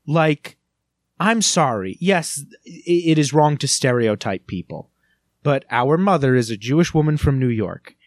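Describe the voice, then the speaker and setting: A man co-hosting a film podcast in casual, animated and playful chat. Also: on the high side, measured pace, no room sound, studio quality. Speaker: podcast co-host.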